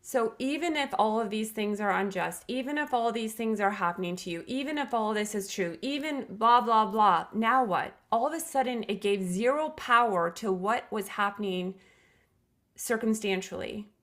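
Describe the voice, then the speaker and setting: A woman's voice: mid-range voice, moderate pace, a bit bright. A middle-aged woman, a podcast guest, telling a personal story in an earnest, reflective way with emphatic restarts.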